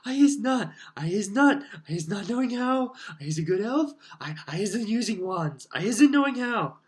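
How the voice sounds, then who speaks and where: A man voicing a frightened female house-elf servant who stammers in a squeaky, high voice. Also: lively intonation, normal speed. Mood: panicked.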